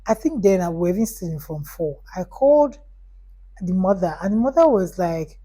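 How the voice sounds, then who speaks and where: A woman's voice: on the low side, normal speed, low-quality recording. A young adult woman telling a personal story on her vlog, rambling with lots of "like"s and acting out the dialogue. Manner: animated, rambling, many "like"s, acts out dialogue. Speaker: vlogger.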